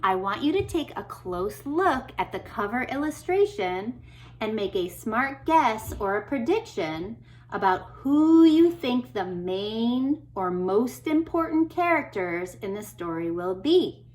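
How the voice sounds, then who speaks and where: A woman reads a picture book to young children in a gentle, encouraging way, often pausing to ask them questions. Her voice is pitched a bit high and very animated. She speaks slowly and clearly. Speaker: speech therapist reading to children. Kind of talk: read-aloud lesson for kids.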